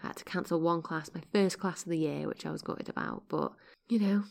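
A woman who hosts a podcast and teaches meditation, talking in a chatty, upbeat way with soft, breathy asides. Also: fairly low pitch, fairly quick. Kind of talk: casual chat.

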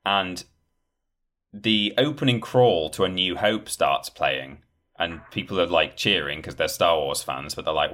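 Low-voiced guy rambling in a chill chat, acts out little quotes. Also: unhurried, a bit bright. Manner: rambling, many ums, acts out quoted lines. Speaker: podcast guest discussing game trailers. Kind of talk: casual chat.

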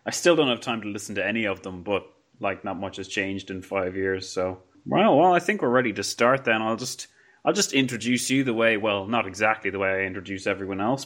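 A man's voice: lowish voice, expressive, a little fast, fairly bright tone. A man with an Irish accent hosting a casual podcast interview over a video call, chatty and laughing often, restarting his sentences. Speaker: podcast host.

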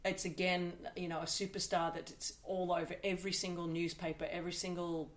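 A woman's voice: on the low side, little pitch movement. A woman co-hosting a casual talk show, a former serve-and-volley player who talks emphatically and jokes easily. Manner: chatty, emphatic, quick to joke. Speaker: podcast co-host. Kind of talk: casual chat.

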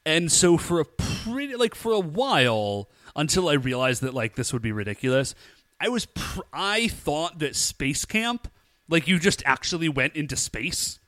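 A man's voice: on the high side, very animated, normal speed, a bit bright, dry recording, clean studio sound. A man co-hosting a podcast, casually recapping an episode, chatty and laughing, acting out lines in quotes. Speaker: podcast co-host.

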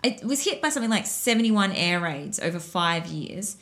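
A young woman co-hosting a casual podcast, telling a story in a chatty, animated way and laughing often. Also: mid-range voice, normal speed.

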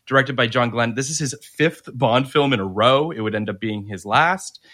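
A man's voice: medium pitch, moderate pace, bright, forceful tone. A man co-hosting a podcast in casual chat, laughing often and swearing casually as he talks and reads a synopsis. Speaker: podcast co-host.

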